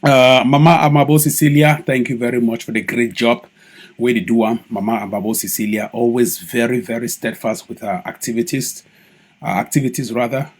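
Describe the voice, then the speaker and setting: Husky Cameroonian Pidgin-speaking man. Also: medium pitch, fairly quick. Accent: Cameroonian Pidgin English. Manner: animated, mocking, swings into loud mimicry. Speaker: online activist broadcaster. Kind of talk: live-stream commentary.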